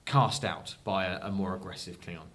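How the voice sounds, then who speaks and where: A man's voice: sits low, moderate pace, a bit bright. A man co-hosting a podcast, telling a story in casual chat with many fillers and restarts. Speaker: podcast co-host.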